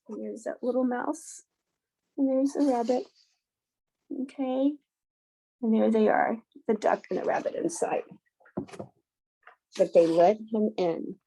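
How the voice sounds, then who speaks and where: A woman reading a picture book aloud to children, unhurried and pausing to point out the pictures. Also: fairly high pitch, warm tone. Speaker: storybook reader.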